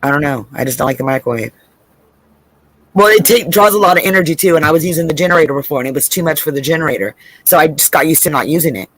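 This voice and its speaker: During a trivia game on a video call, a co-host with a deep voice chats casually at a quick pace, swearing freely, rambling and laughing through her stories. There's no echo on the audio.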